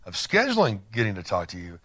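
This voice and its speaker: A man's voice: on the low side, huge pitch swings, fast talker, a bit bright. A man hosting a Christian TV interview show, talking enthusiastically and encouragingly, with a chatty, filler-heavy delivery. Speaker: TV show host.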